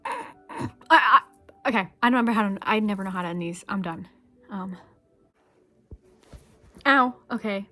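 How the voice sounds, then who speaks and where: Young woman vlogging, rambly and heartfelt, kinda emotional, swears here and there, mid pitch. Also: normal speed, pauses often, sharp tone, faint music behind. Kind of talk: heartfelt direct-to-camera monologue.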